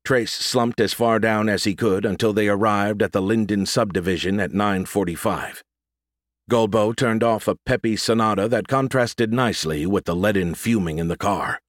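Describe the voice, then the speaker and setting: Guy reading an audiobook, lowish voice, steady, dry close sound. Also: moderate pace, no echo. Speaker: narrator. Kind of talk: audiobook narration.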